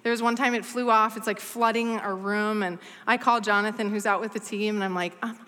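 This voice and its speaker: A woman's voice: mid-range voice, steady tone, a little fast, pushed and bright. A woman in her thirties giving a chatty, self-deprecating talk to a church congregation, full of playful asides. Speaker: guest speaker at a church service. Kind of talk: humorous personal talk to a congregation. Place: church hall. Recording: long hall reverb.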